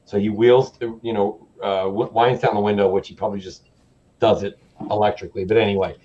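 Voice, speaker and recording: A man co-hosting a live stream chat, telling stories in an animated way and laughing often. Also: on the low side, a little fast. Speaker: co-host. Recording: slightly dull sound, faint noise.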